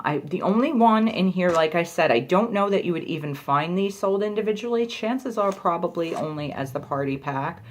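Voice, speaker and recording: A woman's voice: low voice, a little hiss or hum. Chatty woman reviewing lip balms. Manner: chatty, many "like" fillers. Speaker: beauty product reviewer. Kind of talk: casual product review vlog.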